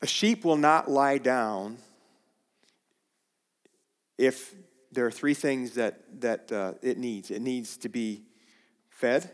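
Man, preacher, sermon, halting delivery, medium pitch, long hall reverb. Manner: halting, restarts phrases, slow deliberate delivery.

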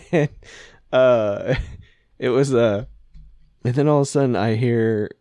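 A man's voice: mid-range voice, moderate pace, dark tone, no room sound, clean studio sound. A man casually telling a funny story, laughing often and acting out what people said. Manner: laughing storyteller, acts out quotes. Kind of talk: casual chat.

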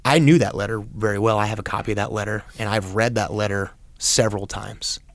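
A man appearing as a guest on a podcast, speaking in a measured, thoughtful way. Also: on the low side, fairly even intonation, no room sound. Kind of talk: reflective podcast conversation.

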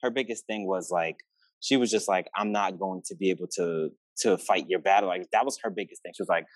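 Fast-talking young man, low voice. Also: no room sound. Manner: animated storyteller, acts out quoted family lines, swears freely. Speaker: guest. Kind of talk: casual podcast chat.

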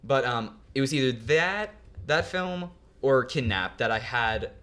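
A man talks in an ordinary mid-range voice, neither high nor low, as a guest on a casual podcast. He circles his stories with hesitant fillers and restarts. His tone stays relaxed and conversational. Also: a little slow. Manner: hesitant, searching for memories with fillers. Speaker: actor guest.

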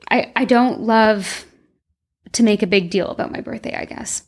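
A woman's voice: mid-range voice, moderate pace, husky. A young woman hosting her own podcast, talking casually and candidly, rambling with lots of fillers and laughing at herself. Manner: candid and self-deprecating, laughs often. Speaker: podcast host. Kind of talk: casual solo podcast chat.

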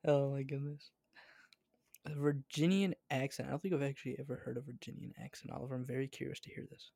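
Quick raspy high voice, done by a man, fast and gravelly, dry mic. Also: fairly even intonation, mellow, dry recording. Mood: teasing.

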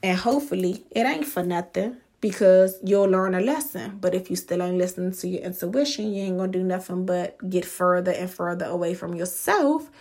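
A woman hosting a podcast, giving a blunt, profane motivational monologue with emphatic, drawn-out words. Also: on the low side, expressive, a little mellow. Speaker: podcast host.

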